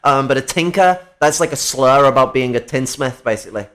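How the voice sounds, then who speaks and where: A man's voice: medium pitch, brisk, fairly bright tone. A man from England in casual podcast chat, swearing often, laughing and rambling with many fillers.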